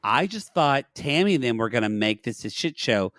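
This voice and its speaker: A man's voice: mid-range voice, big pitch swings, moderate pace, a bit bright, no echo, clean studio sound. A man co-hosting a podcast, animatedly recapping a reality show and quoting the scenes. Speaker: podcast co-host. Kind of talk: casual recap chat.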